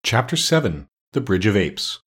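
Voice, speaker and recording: A man reads a children's storybook aloud as its narrator, his voice a little husky. He sits slightly low in pitch and keeps a steady, unhurried storyteller's pace from one sentence to the next. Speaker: audiobook narrator.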